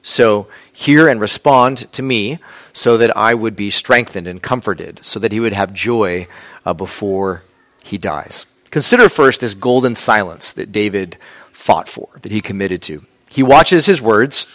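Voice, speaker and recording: A man's voice: lowish voice, animated, measured pace, a bit bright, dry recording. A man preaching a sermon in a conversational, plainspoken way, with casual asides. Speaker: pastor.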